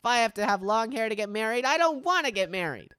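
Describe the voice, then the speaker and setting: A woman voicing a defiant, stubborn young girl with shrill, outraged protests, read aloud from a game. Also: lively intonation, fast, a bit bright, clean tone, dry recording.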